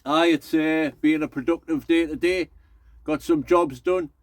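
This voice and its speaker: A man's voice: fairly high pitch, fairly even intonation, a little slow, no room sound. A middle-aged man, chatting casually and rambling to his viewers as an allotment vlogger. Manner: rambling, folksy, addresses viewers as folks.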